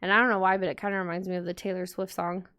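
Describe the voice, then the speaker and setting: A woman's voice: fairly low pitch, level tone, rapid-fire, sharp tone, clean tone. A woman vlogger chatting casually to her viewers while decorating a planner, rambling and talking straight to the audience. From United States.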